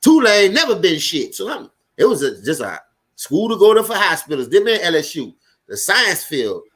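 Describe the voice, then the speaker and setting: He's a Louisiana sports streamer whose high voice carries a New Orleans accent, talking loud and quick as a football game plays live. Cursing as the plays unfold, he calls out viewers by name and answers them in a relaxed, lively manner, giving casual commentary.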